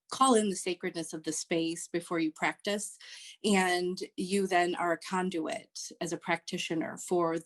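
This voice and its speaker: A woman, a social worker and Reiki practitioner, explaining her work as a podcast guest in a halting way with many fillers. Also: fairly low pitch. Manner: hesitant, many ums and restarts. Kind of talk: podcast interview.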